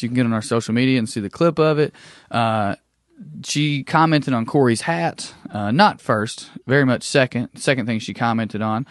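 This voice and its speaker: A man's voice: mid-range voice, no echo. Wry man, dry sound. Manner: wry, teasing banter. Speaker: podcast co-host. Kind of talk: casual chat.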